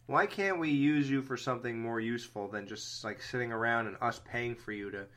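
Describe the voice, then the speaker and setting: A man co-hosting a horror movie podcast, chatting casually with friends. He talks with animation, laughs easily and swears freely. His voice sits bright and forward. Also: medium pitch, brisk. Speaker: podcast co-host. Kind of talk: casual chat.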